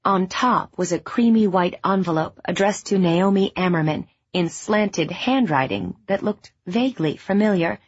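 A woman reading a novel aloud in scripted narration, measured and even. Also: mid-range voice, husky, lo-fi sound. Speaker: audiobook narrator.

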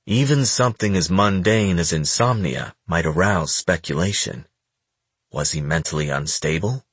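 Brief: male audiobook reader, very low and husky, steady measured delivery. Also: no echo. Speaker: audiobook narrator. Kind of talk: scripted narration.

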